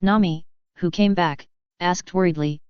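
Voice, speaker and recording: A woman narrating a fanfiction audiobook in a steady, even read-aloud manner. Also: on the low side, measured pace, clean tone, dry recording, muffled recording.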